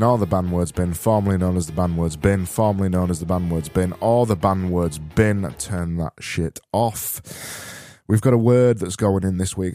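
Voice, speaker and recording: A man with a South Yorkshire accent hosting a solo podcast, rambling and correcting himself with dry, deadpan humor. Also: deep voice. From Barnsley, South Yorkshire. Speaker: podcast host.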